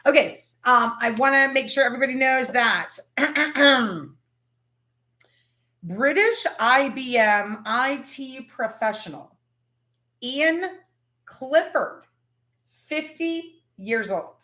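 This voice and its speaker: A woman hosts a casual live chat, greeting viewers as they drop in. Her voice sits fairly high, and the room around her rings with echo. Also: expressive, slow, sharp tone. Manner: chatty, greets viewers by name. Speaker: livestream host.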